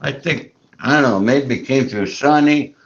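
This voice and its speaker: A man's voice: medium pitch, moderate pace. A man hosting a casual chat, telling a rambling, profane story and acting out the dialogue he quotes. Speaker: show host. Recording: muffled lo-fi audio.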